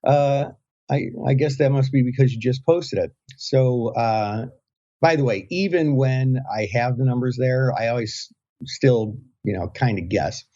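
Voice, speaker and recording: A male podcast co-host with a husky, mellow voice that rambles and circles back on itself. He hesitates and restarts often while thinking aloud. The recording is dull and lo-fi. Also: mid-range voice, unhurried. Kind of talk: casual podcast chat. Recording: dull lo-fi sound.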